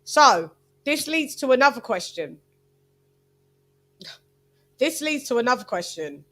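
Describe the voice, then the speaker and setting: A woman talks boxing in a loose, chatty livestream. She wanders between points and talks straight to her viewers in a fairly high voice. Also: big pitch swings, measured pace, bright, forceful tone. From Britain. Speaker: boxing channel host. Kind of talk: casual livestream commentary.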